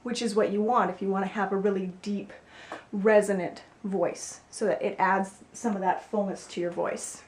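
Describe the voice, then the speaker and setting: A woman vocal coach giving a singing lesson, explaining clearly and with a playful, upbeat manner. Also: medium pitch, steady tone, normal speed, a little hiss or hum. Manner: clear, upbeat instructive delivery with playful demonstrations. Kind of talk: singing lesson with spoken instruction. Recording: roomy echo with faint music.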